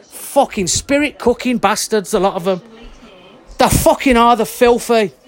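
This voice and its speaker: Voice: mid-range voice, unhurried. A vlogger delivering an angry monologue rant, blunt and heated, swearing constantly and sweating. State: worked up and sweating.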